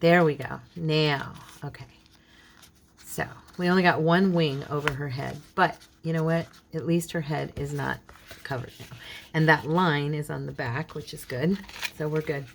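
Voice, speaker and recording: A woman hosts a relaxed crafting tutorial from her home craft table, chatting along and talking to herself as she works. Her voice sits a little low and has a gravelly fry, with a frog in her throat that keeps her clearing it. A faint hiss sits under the recording. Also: measured pace. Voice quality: chatty, talks to herself while working. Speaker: craft channel host. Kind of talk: casual crafting tutorial chat.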